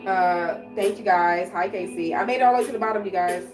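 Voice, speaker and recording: A woman's voice: lowish voice, brisk. A sick woman hosting a casual livestream at home, chatting and answering viewers' comments aloud. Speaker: livestream host. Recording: echoey room, far from mic, music playing.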